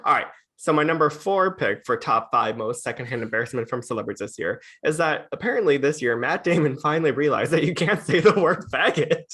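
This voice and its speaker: A man co-hosting a podcast in casual chat, animated and gossipy, leaning on "like" a lot. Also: on the high side, fairly quick, few pauses, breathy edge. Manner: animated, gossipy, heavy use of "like". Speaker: podcast co-host.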